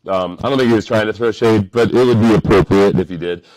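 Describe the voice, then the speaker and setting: Deep-voiced host, wry reaction talk, thinks out loud, restarts a lot. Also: male voice, fast. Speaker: sports podcast host. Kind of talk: casual reaction commentary.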